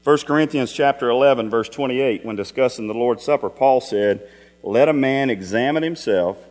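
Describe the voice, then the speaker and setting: A man's voice: medium pitch, normal speed, darkish tone. A middle-aged man preaching a Sunday evening sermon in a church, telling folksy stories and asking the congregation rhetorical questions. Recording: long hall reverb with mains hum.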